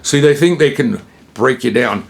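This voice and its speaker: A man's voice: medium pitch, moderate pace, vocal fry. A man hosting his own channel, telling a personal story in a rambling, casual way, full of fillers and acted-out dialogue. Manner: rambling, acts out quoted dialogue; frequent fillers and self-interruptions. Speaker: channel host.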